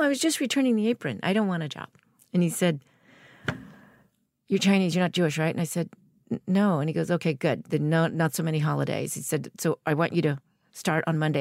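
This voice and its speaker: Woman, low voice, gravelly, dry close recording, animated interview storyteller. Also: dry recording. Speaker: guest.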